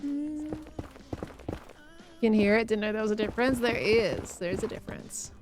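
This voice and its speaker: A woman's voice: a little high, moderate pace, faint music behind. A young adult woman streaming casually, answering chat messages and laughing often.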